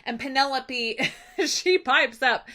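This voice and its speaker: An enthusiastic young woman teacher recapping a lesson in a chatty, casual way. Her voice is bright and lively, sitting a touch high, and she talks with obvious delight. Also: slow pace.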